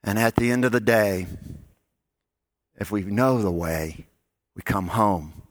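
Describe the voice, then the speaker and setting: Soft-spoken preacher, dry sound. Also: male voice, takes it slowly, no room sound. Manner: storytelling, drops to soft low tones on key lines. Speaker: pastor. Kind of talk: sermon.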